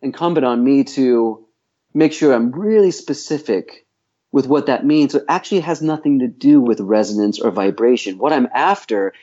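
A man of middling pitch who teaches voice and acting, talking through his ideas in a podcast. He thinks aloud, restarts his sentences, and states firm opinions. The sound is a little dull and lo-fi. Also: moderate pace, warm tone. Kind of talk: podcast interview.

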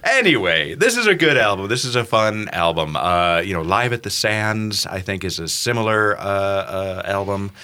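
A man's voice: lowish voice, expressive, normal speed, few pauses, bright, forceful tone, smooth. A man hosting a podcast in casual chat, playful and rambling, with lots of filler words. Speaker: podcast host.

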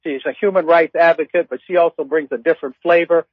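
A man's voice: a little high, fairly even intonation, fast, no room sound, lo-fi sound. A man co-hosting a talk show, introducing guests with enthusiastic praise. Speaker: co-host.

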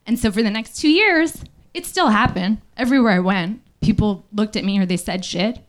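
A woman telling a personal story on stage at a small live venue, speaking candidly and haltingly, with many fillers, into a stage microphone. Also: a little high, animated.

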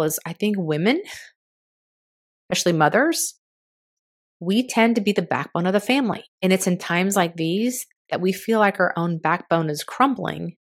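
Frank, frustrated woman in her fifties. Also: fairly low pitch. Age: 50s. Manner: candid and frustrated, with casual swearing. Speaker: podcast host. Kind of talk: solo podcast monologue.

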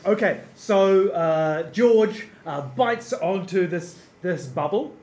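A man's voice: high voice, lively intonation, takes it slowly, a little mellow, echoey room. A man running a tabletop game on stage for a live audience, hesitant and full of fillers, amused. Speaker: game master.

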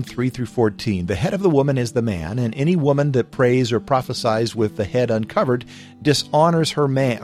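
American guy hosting his podcast, chuckles a lot, rambles, faint guitar behind. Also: mid-range voice. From United States. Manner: chuckling, rambling with fillers and restarts. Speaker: podcast host. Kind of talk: casual chat answering listener questions.

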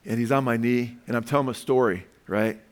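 A man's voice: medium pitch, fairly even intonation, quick pace. An older man, a pastor, preaching a sermon built around family stories, chuckling often and calling out for amens. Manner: calls out for amens from the congregation. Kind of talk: sermon with personal anecdotes.

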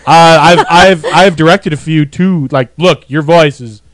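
A man's voice: on the high side, unhurried, a bit bright, no echo. A man co-hosting a podcast in casual chat, joking and explaining things at length. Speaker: podcast co-host.

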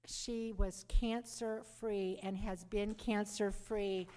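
A middle-aged woman giving her conversion testimony to a live audience, telling her story in a lively way and calling for "Amen.". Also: medium pitch, slow pace, clear, resonant tone. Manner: lively storyteller who calls for "Amen" and "Praise the Lord". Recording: long reverb of a hall.

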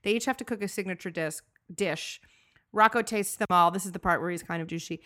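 A woman's voice: fairly low pitch, a little fast, sharp tone. A woman co-hosting a podcast in casual chat, chatty and enthusiastic, often trailing off mid-sentence. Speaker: podcast co-host.

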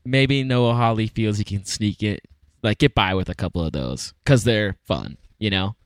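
A man's voice: on the low side, normal speed, dry recording. A man co-hosting a podcast in casual chat, agreeable, often chiming in briefly. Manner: agreeable, short interjections. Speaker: podcast co-host.

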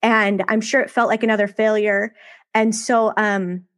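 A woman in her thirties telling her own story as a podcast guest, candid and emotional, often laughing between quick bursts of talk. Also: medium pitch, little pitch movement.

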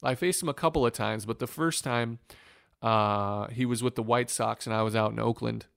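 A man from Northwest Ohio, a former pitcher, telling an earnest and emotional story in an interview. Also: steady tone, moderate pace, creaky, a bit bright, clear, resonant tone, no room sound, clean studio sound. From Northwest Ohio, USA. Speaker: former professional baseball pitcher, guest.

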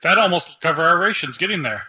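A man's voice: fairly high pitch, lively intonation, quick pace, sharp tone. A man playing a tabletop game, making wry joking asides. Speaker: player. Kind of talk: casual tabletop play.

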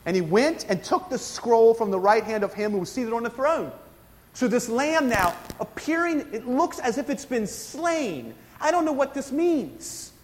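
A man's voice: very high voice, very animated, normal speed, big-room sound. A man preaching a sermon, explaining scripture with frequent asides and questions to his congregation. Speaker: pastor.

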